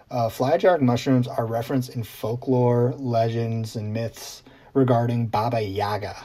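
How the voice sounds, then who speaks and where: Mellow-voiced chatty male vlog host. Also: medium pitch. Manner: chatty and conversational, with frequent ums and asides. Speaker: journalist host. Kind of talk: casual explainer vlog.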